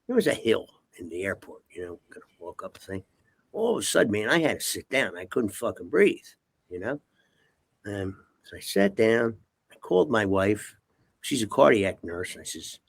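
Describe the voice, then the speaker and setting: A man's voice: on the low side, big pitch swings, fairly quick, gravelly, husky. An older man, a guest, telling rambling, profane stories in casual talk and punctuating them with "okay?". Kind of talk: casual storytelling.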